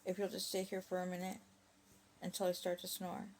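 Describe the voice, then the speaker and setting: A woman's voice: lowish voice, completely flat delivery, fairly quick, darkish tone, slight background noise, natural voice. A woman voicing an earnest little boy, scared of nightmares, in a rhyming story. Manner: pleading, earnest.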